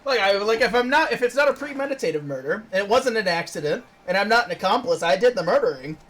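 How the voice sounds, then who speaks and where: A man streaming a video game, chatting and joking playfully with friends. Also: fast talker. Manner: playful, laughs often, animated pitch. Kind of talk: casual joking chat.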